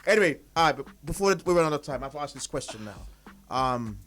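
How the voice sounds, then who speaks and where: A man hosting a radio show, bantering loudly, laughing often and repeating himself as he tells stories. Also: medium pitch, lively intonation, quick pace. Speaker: radio host. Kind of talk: lively banter between radio hosts.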